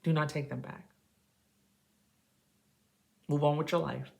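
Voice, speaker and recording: A woman's voice: deep voice, steady tone, measured pace, gravelly, a little mellow. A woman giving a tarot reading to camera, talking straight to the listener in an emphatic, preachy, casual way. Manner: casual, says baby and y'all. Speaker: tarot reader.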